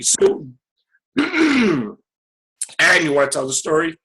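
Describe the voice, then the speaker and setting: A man hosting a casual podcast, hoarse and losing his voice after being sick, eagerly cutting in to add details. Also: fairly high pitch, wildly swooping pitch, takes it slowly, pauses often, low-quality recording. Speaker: podcast host. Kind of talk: casual chat.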